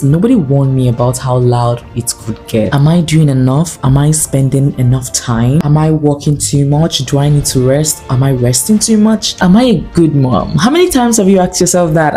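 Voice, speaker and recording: Low-voiced young woman vlogging candidly. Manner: earnest and confiding, with animated asides. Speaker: lifestyle vlogger. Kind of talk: candid talking-to-camera vlog.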